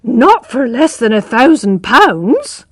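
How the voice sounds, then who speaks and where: A woman's voice: on the high side, big pitch swings, slow pace, slightly rough, no room sound, heavily acted. A blunt, scheming village mother in a storybook reading, scolding and plotting, as a woman reads her. The voice is dry and close-miked.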